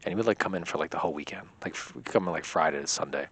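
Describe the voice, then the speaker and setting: A man's voice: extremely low pitch, rapid-fire, a bit bright, slightly rough. A young man telling a rambling personal story in a casual vlog, leaning heavily on filler words. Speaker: vlogger.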